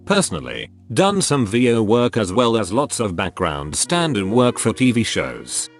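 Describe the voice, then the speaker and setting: A man narrating a string of online posts aloud, reading each one in turn in a scripted narration style. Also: fairly low pitch.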